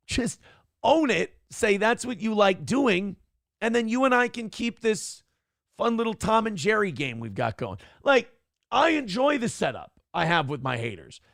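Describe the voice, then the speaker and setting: A man hosting a live stream in a blunt, combative way, swearing freely as he reads donations aloud. His voice sits a little high for a man, with a gravelly fry. The sound is close and dry. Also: fairly bright tone, no room sound. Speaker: host of a live-streamed morning show. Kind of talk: casual live-stream talk reading donations.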